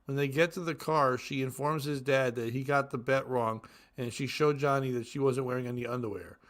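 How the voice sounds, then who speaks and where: A man co-hosting a comedy podcast, reading crude jokes aloud and breaking into loud laughter. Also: medium pitch, steady tone, fairly quick. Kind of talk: casual comedy podcast chat.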